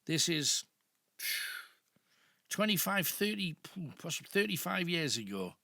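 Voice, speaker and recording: A man's voice: fairly high pitch, big pitch swings, measured pace, gravelly, pushed and bright, no echo, studio quality. An older man with a Northeast English accent hosting a late-night radio phone-in, telling rambling anecdotes. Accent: Northeast English (Geordie). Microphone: studio microphone.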